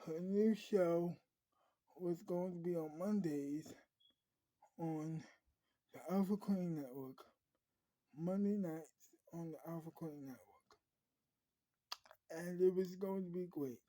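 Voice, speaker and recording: A woman telling a made-up story, stopping often with ums and uhs as she goes. Her voice sits low and sounds dark and mellow, and she takes her time. The recording is dry and close. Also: no room sound, rough recording. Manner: halting, full of ums and uhs. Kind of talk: improvised story narration.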